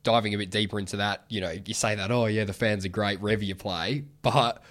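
A man hosting a podcast, telling stories in a lively way and acting out the people in them. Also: lowish voice, quick pace. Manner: animated storyteller, acts out voices. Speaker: podcast host. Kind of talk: casual chat.

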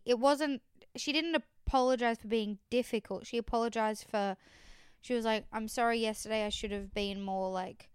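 A woman's voice: on the high side, clean tone, no room sound, clean studio sound. A woman co-hosting a podcast, carefully explaining and correcting details of a TV show. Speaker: podcast co-host. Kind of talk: casual chat recapping a TV show.

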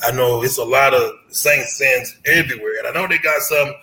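A man's voice: mid-range voice, fairly quick, pushed and bright, low-quality recording. A man from Louisiana chatting casually about football as a guest, easygoing and repeating himself. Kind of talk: casual sports chat.

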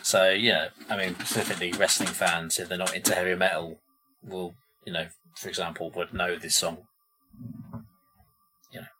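A man's voice: low-pitched, little pitch movement, normal speed, noisy background. A man co-hosting a podcast, chatting casually about songs and thinking aloud with plenty of "you know" fillers. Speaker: podcast co-host presenting the songs.

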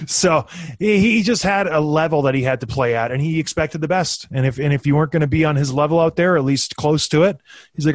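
A man in his thirties tells stories in a loose, animated chat, jumping up in pitch when he acts out what others said. His voice sits a bit high for a man. The sound is close and dry, with no room around it. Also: fast, dry recording. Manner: animated, acts out quotes in a raised voice. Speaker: former hockey player, podcast co-host. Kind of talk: casual storytelling chat.

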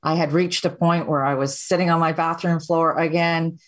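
Low-voiced Canadian woman telling her story. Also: moderate pace. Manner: candid, steady, plainspoken recounting. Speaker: podcast guest. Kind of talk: personal storytelling.

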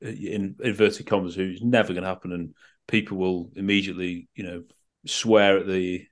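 A man's voice: low voice, level tone, moderate pace. A man giving opinions in a casual film podcast chat. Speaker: podcast co-host.

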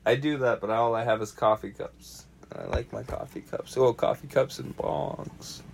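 A man's voice: medium pitch, normal speed, creaky, a little hiss or hum. A young man joking around on a podcast, laughing a lot and throwing in swear words. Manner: wisecracking, laughs often, swears. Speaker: podcast co-host. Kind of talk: casual podcast chat.

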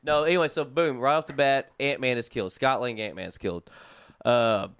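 A man's voice: medium pitch, normal speed, a bit bright, clear, resonant tone, no room sound. A young man with a Southern US accent, telling a story animatedly as a podcast co-host and laughing often. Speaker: podcast co-host recapping comics. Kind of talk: casual chat.

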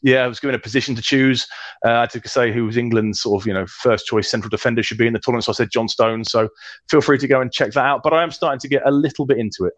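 A man co-hosting a podcast, talking quickly and rambling, often repeating his words. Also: mid-range voice, steady tone, no echo. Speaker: podcast co-host. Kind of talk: casual live podcast chat.

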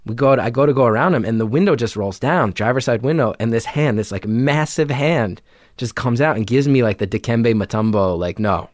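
Man telling a story, animated. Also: medium pitch, brisk, no echo, clean studio sound. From New Jersey. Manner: animated, acts out quotes, many filler "like"s. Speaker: comedian guest. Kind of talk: casual storytelling in conversation.

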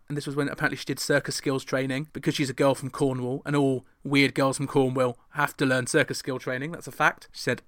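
A man's voice: on the high side, bright, forceful tone, no room sound. A man hosting a chart retrospective, reading from a script with dry, sarcastic asides. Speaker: podcast host reviewing old pop charts.

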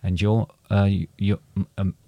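A middle-aged man co-hosting a podcast, telling a family story in a halting, repetitive way. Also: fairly low pitch, flat delivery, no room sound, muffled recording. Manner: hesitant, repeats words, gets choked up. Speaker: podcast co-host, father. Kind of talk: casual storytelling chat.

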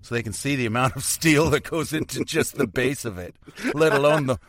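A man's voice: mid-range voice, a little fast, fairly bright tone, no room sound. A man from Canada, chatting casually as a podcast co-host, joking and swearing as he goes. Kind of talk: casual chat.

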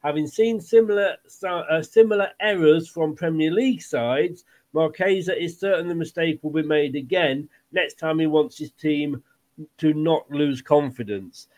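A man's voice: on the high side, normal speed, darkish tone. Chatty man hosting football talk. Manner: chatty, laughs often, swears casually. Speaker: podcast host. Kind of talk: casual football chat.

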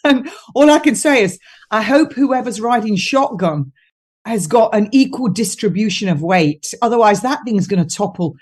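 A woman's voice: fairly high pitch, expressive, moderate pace, a little mellow, slightly rough. A woman talking on a podcast as a guest, chatty and mocking, laughing often as she tells stories. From United Kingdom. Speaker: guest nutritionist. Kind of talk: casual podcast chat.

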